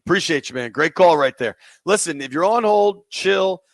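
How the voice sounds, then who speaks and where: A man's voice: fairly high pitch, expressive, normal speed, no echo. A man hosting sports talk radio, taking listener calls in a casual, slangy way.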